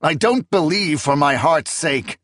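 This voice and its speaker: A man's voice: a little high, lively intonation, unhurried, fairly bright tone, dry recording, clean studio sound, pitched above the performer's own voice. A man voicing an earnest male holy leader who speaks in an urgent, protesting way.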